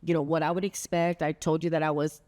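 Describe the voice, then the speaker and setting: A woman's voice: low voice, flat delivery, fast talker, darkish tone. A middle-aged woman hosting a heartfelt sit-down conversation, telling a story earnestly and laughing often. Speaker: podcast host.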